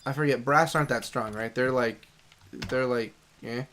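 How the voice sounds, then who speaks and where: A young man streaming a video game, chatting casually and rambling between sudden excited outbursts. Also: medium pitch, normal speed, a little hiss or hum. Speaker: gaming streamer. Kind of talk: casual let's-play commentary.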